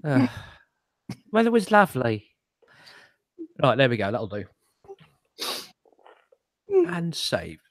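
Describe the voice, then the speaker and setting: A man's voice: medium pitch, huge pitch swings, takes it slowly, pauses often, no echo, studio quality. A man hosting a casual chat show over a video call, rambling, swearing and laughing at his own jokes. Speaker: host.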